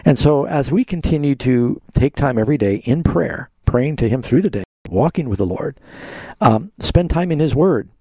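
A man's voice: medium pitch, lively intonation, normal speed, mellow, husky, no room sound. Man hosting a call-in Bible show. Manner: pastoral, asks leading questions. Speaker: radio Bible show host. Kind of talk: call-in radio Q&A.

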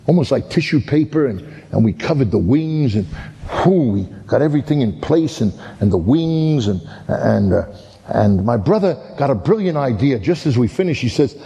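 Male preacher, warm tone, animated storyteller, heard in a reverberant hall. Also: medium pitch, normal speed, vocal fry. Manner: animated storytelling, many repeated "and, and". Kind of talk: sermon with a story.

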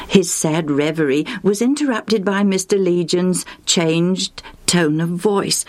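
A woman storyteller narrating a children's story for radio in a kindly, expressive way. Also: deep voice, unhurried, few pauses, soft background music.

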